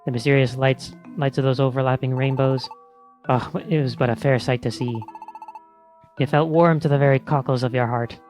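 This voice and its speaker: A man's voice: mid-range voice, steady tone, brisk, a little mellow, soft background music, natural voice. A man voicing an old townsfolk creature in a put-on Scots-style brogue, reading game dialogue aloud. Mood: wistful.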